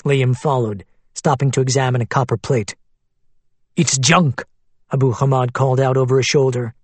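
Husky male audiobook narrator. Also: mid-range voice, level tone, darkish tone, no echo. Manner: measured, descriptive storytelling. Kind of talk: scripted narration.

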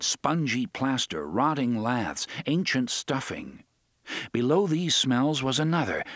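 A man reading an audiobook in a dramatic way, slowing down to stress the grim details. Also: mid-range voice, no room sound, studio quality. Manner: dramatic, with slowed emphasis on dark details. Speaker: audiobook narrator. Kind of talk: scripted audiobook narration.

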